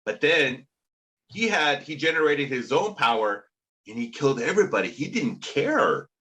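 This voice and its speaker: Lively bright-voiced man chatting. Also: mid-range voice, moderate pace. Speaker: podcast co-host. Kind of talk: casual chat.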